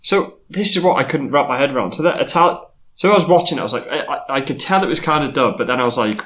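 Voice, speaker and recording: A man co-hosts a casual film podcast, retelling his reactions with animated, sweary energy. His voice sits at an ordinary middle pitch. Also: fast. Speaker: podcast co-host. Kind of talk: casual film-review chat.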